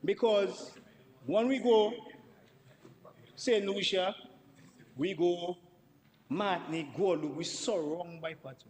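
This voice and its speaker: Man, parliamentary debate speech, emphatic, repeats words for stress, slightly high voice, long chamber reverb. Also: takes it slowly, pauses often. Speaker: member of parliament.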